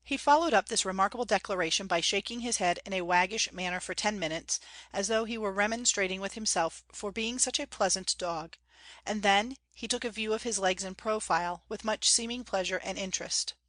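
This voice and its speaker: A woman reads a classic novel aloud in a measured, clear storytelling manner. Her voice sits at an ordinary middle pitch. The recording is dry and close to the mic. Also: fairly bright tone, dry recording. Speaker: audiobook reader. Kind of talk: audiobook narration.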